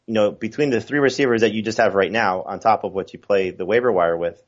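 A man's voice: lowish voice, quick pace, highs cut off. A man talking fantasy football as a podcast guest, chatty and full of fillers and restarts. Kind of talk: casual podcast chat.

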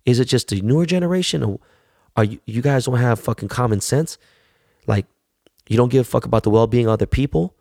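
Gravelly middle-aged guy cussing up a storm, blunt rant, dry close sound. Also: mid-range voice, fast talker, dark tone, no room sound. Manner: blunt, heavy swearing, repeats words when worked up. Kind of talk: profane casual rant.

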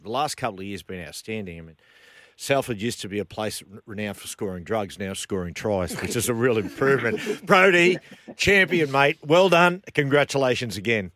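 A man hosting a sports radio show, asking questions in quick chatty bursts and cracking jokes. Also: fairly low pitch, fairly bright tone, no room sound. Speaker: radio host. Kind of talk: casual sports radio chat.

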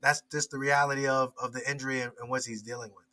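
A man who is a former player, talking football as a guest in a casual podcast chat, halting and restarting often. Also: mid-range voice, little pitch movement, bright, forceful tone. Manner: hesitant, halting with many restarts.

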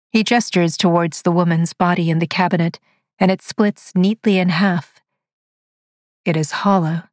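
A woman narrating a dark science-fiction story in a slow, measured, dramatic reading. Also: on the low side, fairly even intonation, no room sound, studio quality. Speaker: audiobook narrator.

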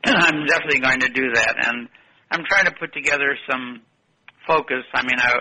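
A man's voice: mid-range voice, normal speed, bright, forceful tone, slightly rough, rough recording. An older man telling long, rambling stories in an interview and correcting himself as he goes. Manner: rambling, anecdotal, self-correcting. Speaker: guest. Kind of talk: interview storytelling.

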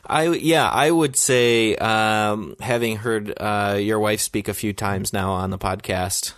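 Man, podcast co-host, lowish voice, relaxed and agreeable, dry close recording. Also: no echo. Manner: easygoing, quick to laugh and agree. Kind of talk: casual chat.

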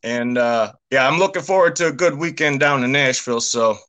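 Folksy man with a bright voice. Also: medium pitch, fairly quick. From Texas. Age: young adult. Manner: folksy, drawling. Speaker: caller.

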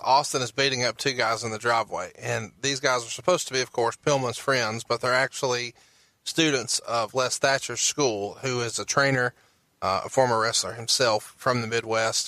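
A man's voice: mid-range voice, moderate pace, sharp tone, no echo. A man hosting a podcast, walking through a recap of events with occasional profane outbursts. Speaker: podcast host.

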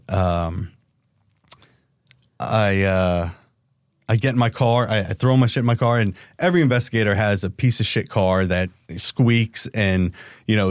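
A man's voice: no echo, clean studio sound. A man telling a wild story as an investigator, swearing freely and acting out the quotes. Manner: swears freely, acts out quotes with raised pitch. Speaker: private investigator guest. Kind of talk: casual storytelling interview.

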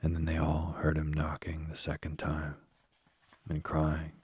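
A man narrating a bedtime story softly and soothingly, close to the mic. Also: rumbling low, monotone, husky, no echo. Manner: slow, soft-spoken, soothing.

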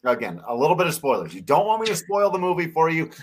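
A man's voice: on the high side, very animated, fast talker, slight background noise. A man co-hosting a casual sports podcast, talking earnestly and getting emotional, with frequent laughs. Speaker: podcast co-host.

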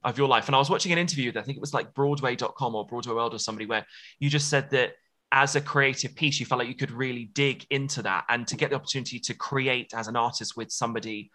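A man's voice: mid-range voice, fast, sharp tone. A British man hosting an interview, asking long, effusive questions. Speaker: host.

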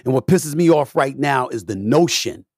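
Man, middle-aged, podcast host, husky, emphatic and preachy, loud-then-quiet swings, dry close recording. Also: mid-range voice, lively intonation, moderate pace, dry recording. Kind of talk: impassioned monologue.

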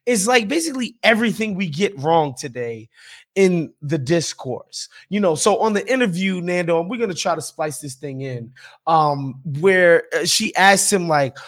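Fired-up podcast guy ranting, swears a lot, voice pitched pretty high. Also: normal speed. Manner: blunt, profane, animated. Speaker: podcast host. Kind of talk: casual opinionated chat.

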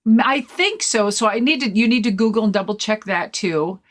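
A woman guest-hosting a podcast, telling stories in a rambling, animated way with lots of fillers and swearing. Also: mid-range voice, fairly quick. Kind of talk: casual storytelling chat.

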